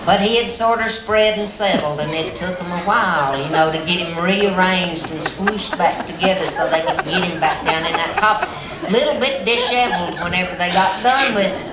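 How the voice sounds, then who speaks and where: A middle-aged woman with an Appalachian accent telling a tale live on a festival stage, folksy, animated and plainspoken. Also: lowish voice, normal speed, a loud crowd. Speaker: storyteller. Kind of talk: live storytelling performance. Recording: echoey hall with background noise.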